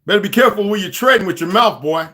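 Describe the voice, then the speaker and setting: A man hosting a livestream rants furiously at a viewer in a high-pitched voice that sounds pushed and bright. He speaks at a quick pace with lively intonation, cursing aggressively and confronting the viewer head-on.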